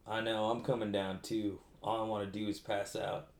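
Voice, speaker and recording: A woman's voice: a bass voice, little pitch movement, moderate pace, a little mellow. A woman voicing Hansel as a stoned, lazy young slacker with a drowsy drawl in a comedic parody. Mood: sluggish. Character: stoned, laid-back boy Hansel, crude slacker.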